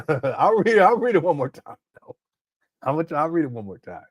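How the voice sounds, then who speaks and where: A man's voice: fairly high pitch, big pitch swings, fairly quick, no echo, studio quality. A man hosting a critical livestream commentary, reading chat aloud and breaking into laughter, his throat sore. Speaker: commentary host.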